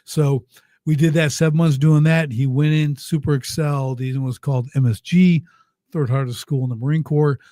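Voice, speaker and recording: A man in his fifties, a podcast guest telling family stories in a lively, emphatic way that turns emotional at moments. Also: a little high, moderate pace, no room sound, clean studio sound. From United States. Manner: lively, emphatic storyteller who gets choked up. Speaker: podcast guest, business coach. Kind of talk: casual storytelling in an interview.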